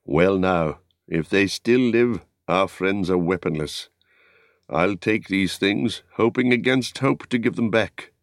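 A man's voice: sits low, slow, no room sound, clean studio sound. A man reading as a grave, weary warrior leader. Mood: earnest. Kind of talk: audiobook character reading.

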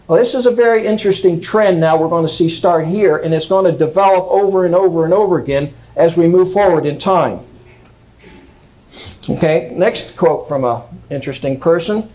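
Emphatic male lecturer, slightly high voice. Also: fairly quick, a little mellow, rough recording. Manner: emphatic, checks in with "okay?". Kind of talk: lecture reading quotes.

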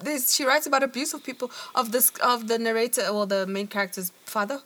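A woman's voice: on the high side, steady tone, brisk, a bit bright. A woman co-hosting a podcast in casual chat, playful and teasing, often laughing. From Africa. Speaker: podcast co-host.

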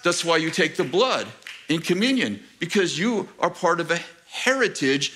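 A middle-aged man preaching a sermon to his church, animated and joking with the congregation, asking rhetorical questions. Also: on the high side, normal speed, a little hiss or hum. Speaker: pastor. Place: church sanctuary.

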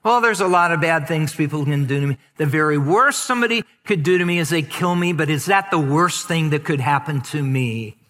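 A man's voice: a little high, expressive, fairly quick, few pauses, fairly bright tone. A man preaching a sermon as pastor, reading scripture aloud and stretching out key words for emphasis. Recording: long hall reverb.

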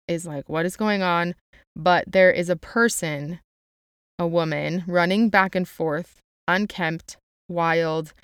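A woman's voice: on the low side, smooth, dry recording, clean studio sound. A young woman summarizing a novel in a chatty, casual way, with lots of "like" and quotes read aloud. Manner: chatty, uses "like" a lot, reads quotes aloud.

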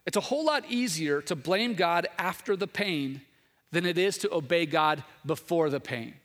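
A male pastor in his thirties delivers a sermon in a rather high voice. He talks earnestly, doubling back on his words, and now and then pushes into loud, emphatic stretches. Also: expressive, moderate pace. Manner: earnest, repetitive restarts, builds to raised emphatic passages.

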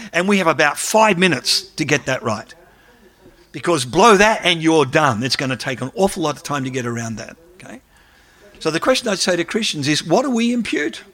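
A man, an academic, giving a lively lecture and taking questions from the audience. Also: sits high. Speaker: academic speaker.

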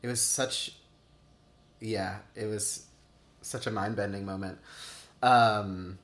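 A man's voice: on the low side, steady tone, takes it slowly, a bit bright. A man in his thirties, interviewed for an oral history, telling personal stories casually with lots of "like" fillers and acted-out quotes. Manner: chatty, many "like" fillers, acts out quotes. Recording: roomy echo.

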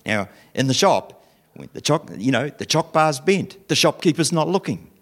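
Animated New man telling a Bible story. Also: fairly high pitch, normal speed. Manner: animated, playful, asks questions. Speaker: children's talk presenter.

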